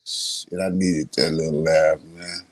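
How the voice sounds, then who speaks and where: A man's voice: lowish voice, expressive, normal speed, gravelly, no echo. A laid-back man in casual, profane podcast banter who laughs often.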